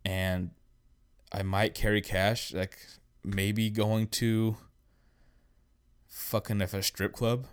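A man's voice: lowish voice, flat delivery, takes it slowly, long pauses, smooth, dry recording, studio quality. A man in his thirties hosting a solo podcast, ranting bluntly and swearing constantly in casual talk. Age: 30s. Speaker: podcast host.

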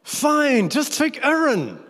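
A man voicing God as a loud, emphatic figure, high and forceful, in an echoey church hall. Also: wildly swooping pitch, slow, exaggerated voice. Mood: exasperated. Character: reassuring, then exasperated God.

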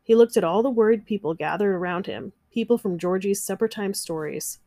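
Lady reading a kids' storybook, gentle, mid pitch, super dry close sound. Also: fairly quick, no echo. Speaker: narrator. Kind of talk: children's storybook read-aloud.

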